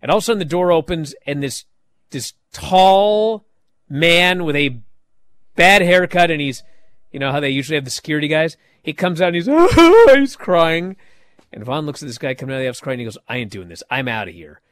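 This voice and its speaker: Animated male host recapping wrestling. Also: fairly high pitch, brisk, clean tone, no room sound. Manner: animated storytelling with mocking impressions. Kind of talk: casual recap chat.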